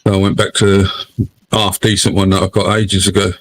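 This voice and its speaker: A man's voice: sits low, little pitch movement, fairly quick. A man with a London accent, a guest on a casual live stream chat, who talks bluntly and swears a lot.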